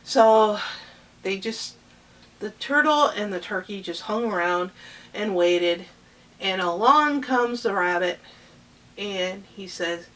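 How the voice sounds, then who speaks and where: A woman improvising a children's story, rambling and halting with many fillers and restarts. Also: mid-range voice, animated, a bit bright, far from the mic.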